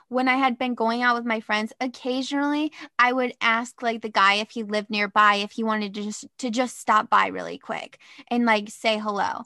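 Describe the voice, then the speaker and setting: Young woman gushing thru a dating story, bright voice, higher pitched, dry close sound, says like a lot. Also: no room sound. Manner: animated, lots of "like", dramatic emphasis. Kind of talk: casual storytelling chat.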